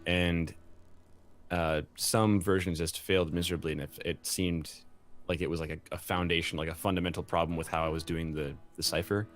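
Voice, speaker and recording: Very low-voiced man rambling casually. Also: steady tone, fairly quick. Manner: rambling, many fillers and restarts. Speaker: game language designer explaining a cipher. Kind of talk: casual chat.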